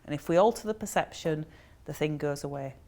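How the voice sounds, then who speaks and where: A woman with a fairly low voice tells a story from her therapy work to an audience. She talks in a chatty, anecdotal way and often pauses on an um. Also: a little mellow. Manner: chatty anecdotal delivery with frequent ums.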